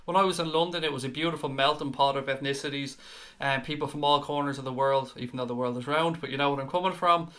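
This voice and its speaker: Man, Irish accent, live chat host, bright voice, earnest, chatty. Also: medium pitch, steady tone, fast. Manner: chatty, earnest, repeats words when worked up. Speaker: fan show host. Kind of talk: live-stream chat reading viewer comments.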